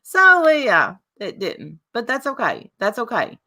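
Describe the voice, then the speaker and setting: A woman's voice: on the high side, wildly swooping pitch, measured pace, pushed and bright. A woman hosting a live call-in stream, talking casually and bluntly, rambling with restarts and fillers. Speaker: live show host.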